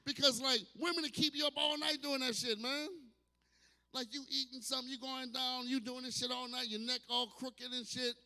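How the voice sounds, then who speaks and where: A man's voice: very high-pitched, steady tone, moderate pace. Brash, profane man in his fifties, club reverb. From New Orleans, USA. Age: 50s. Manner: loud, brash and profane, with sudden shouts and acted asides. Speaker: stand-up comedian. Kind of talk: stand-up comedy set. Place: distillery bar with live audience. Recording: hall reverb from a club room.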